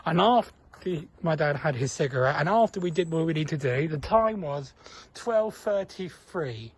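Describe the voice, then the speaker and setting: A man's voice: fairly high pitch, lively intonation, moderate pace, slightly rough. A young man from England telling a story in a casual vlog, earnest and chatty, acting out the voices of the people he quotes. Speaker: vlogger.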